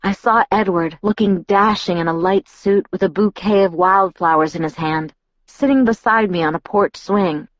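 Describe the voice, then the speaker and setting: A woman reading an audiobook aloud in the first person, with an even, wry, reflective delivery. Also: medium pitch, normal speed, dry recording. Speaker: audiobook narrator. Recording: dull lo-fi audiobook recording.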